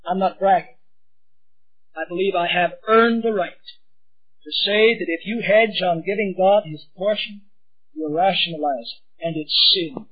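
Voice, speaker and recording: A middle-aged man preaching a sermon, swinging from hushed pleading to shouting. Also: high voice, moderate pace, long pauses, slightly rough, dull audio.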